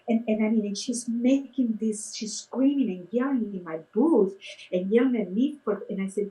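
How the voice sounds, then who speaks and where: A woman's voice: mid-range voice, normal speed, rough recording. A middle-aged woman, a face painter and clown, telling stories in casual conversation and acting out the quotes in a raised voice. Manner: animated, acts out quotes in a raised voice. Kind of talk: casual storytelling.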